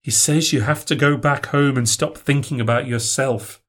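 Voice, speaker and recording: A man's voice: medium pitch, fairly even intonation, normal speed, fairly bright tone, voice pushed up, lightly acted. A man voicing a bossy little girl. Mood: scolding.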